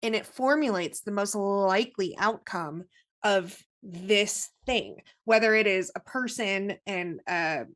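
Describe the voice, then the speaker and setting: A woman's voice: medium pitch, takes it slowly, fairly bright tone. Woman explaining earnestly at length. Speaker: podcast co-host. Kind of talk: casual chat.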